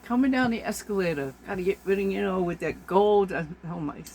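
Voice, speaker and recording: A woman's voice: mid-range voice, animated, a little fast, a little mellow, a little hiss or hum. A woman vlogger delivers an exasperated, emphatic rant to camera, repeating her points for force. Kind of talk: ranting monologue to camera.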